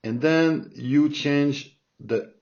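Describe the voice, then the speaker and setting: Slow man teaching grammar, lo-fi sound. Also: on the high side, darkish tone. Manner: slow, repeats forms, checks in with "all right?". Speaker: Spanish teacher. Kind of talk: explaining grammar from a chart. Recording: dull lo-fi sound.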